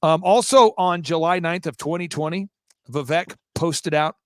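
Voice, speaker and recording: A man talking as a guest on a live talk show, emphatic and rapid-fire, throwing out rhetorical questions. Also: fairly high pitch, clear, resonant tone, dry recording, studio quality.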